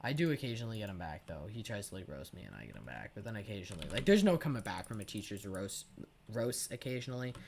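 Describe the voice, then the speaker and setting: A teenage boy rambles through casual gameplay commentary, dropping sarcastic, profane asides between stories. His voice is lively and swings widely in pitch. Faint keyboard typing and clicks sit quietly behind him. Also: fast talker, creaky, slight background noise. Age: teens. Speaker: gaming channel host.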